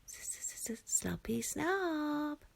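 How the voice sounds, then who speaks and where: A woman voicing a small, grumpy, cheeky young male dragon in a storybook reading, squeaky and drawing out his hisses. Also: sing-song, creaky, exaggerated voice. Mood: taunting. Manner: squeaky, drawn-out hissing.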